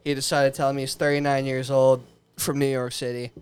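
A man's voice: mid-range voice, flat delivery, a little fast. A man co-hosting a podcast in a studio, telling a rambling, profane story in casual chat, dropping "dude" a lot and laughing along. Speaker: podcast co-host.

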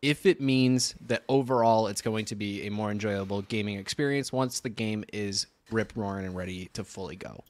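Low-voiced man, hesitant podcast chat. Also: normal speed, few pauses, a little mellow. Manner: hesitant, many filler sounds. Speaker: podcast co-host. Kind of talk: casual chat.

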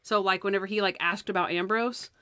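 Woman, podcast co-host, casual recap chat, animated, dry close sound. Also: mid-range voice, quick pace, clear, resonant tone, no echo. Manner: animated, acts out characters' lines. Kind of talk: casual chat reviewing a TV episode.

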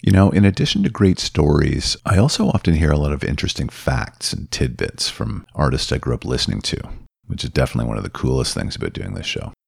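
A man's voice: rumbling low, lively intonation, fast, vocal fry, slightly rough, no echo, studio quality. A man hosting a music podcast, reacting with enthusiasm and laughing easily while introducing clips and asking questions. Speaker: podcast host. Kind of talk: casual interview chat.

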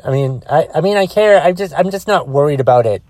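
A man's voice: fairly high pitch, lively intonation, fast, mellow, dry recording. A man ranting alone into his phone, exasperated and profane, rambling with frequent restarts. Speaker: solo podcaster. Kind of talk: casual rant.

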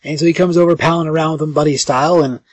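A man's voice: fairly high pitch, steady tone, rapid-fire, no room sound. A man co-hosting a podcast, recapping a comic in a rambling, casual way with lots of fillers. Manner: rambling, filler-heavy storytelling. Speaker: podcast co-host.

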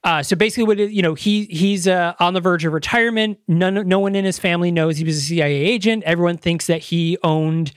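A man's voice: high-pitched, fast talker, hardly any pauses, dry recording, studio quality. A man co-hosting a podcast, chatting casually, rambling and enthusiastic with casual swearing. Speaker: podcast co-host. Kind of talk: casual chat.

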